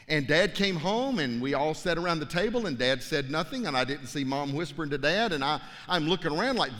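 Bright-voiced pastor telling a story in a reverberant hall. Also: male voice, a little high. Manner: dramatic storyteller, drops to hushed tones then rises to fervent preaching. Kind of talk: sermon storytelling.

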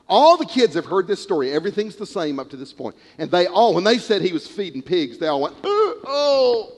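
A male preacher delivers a sermon, telling a parable with animated, storytelling energy. His voice sits high for a man, and a long reverb of a large hall trails behind every phrase. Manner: animated storytelling, acting out characters.

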